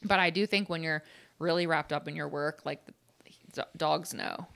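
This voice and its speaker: Brief: playful female podcast co-host, lowish voice with gravelly fry. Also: normal speed, a bit bright. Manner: playful, laughs often. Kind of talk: casual chat. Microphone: podcast microphone.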